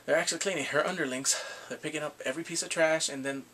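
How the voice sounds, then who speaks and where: A young man giving a casual, excitable recap of a drama, often laughing and acting out what the characters say. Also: on the high side, fast talker, a little hiss or hum. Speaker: drama reviewer.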